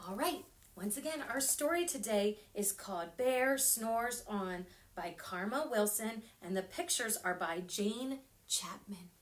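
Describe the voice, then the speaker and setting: A woman children's librarian reading a picture book aloud at storytime, animated and expressive, with sound effects and whispered asides. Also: medium pitch, unhurried. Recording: echoey room.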